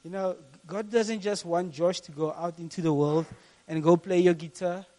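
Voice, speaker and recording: A man with a strikingly high voice delivers a sermon to a congregation in the room. He tells the story in an animated, storytelling way, repeating his main phrases for emphasis like a lively youth preacher. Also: moderate pace. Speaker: youth pastor.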